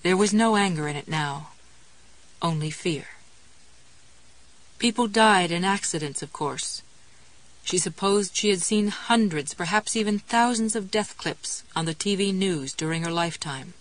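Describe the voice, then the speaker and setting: A woman narrating a novel aloud in a measured, calm storytelling manner. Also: on the low side, low-quality recording. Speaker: audiobook narrator.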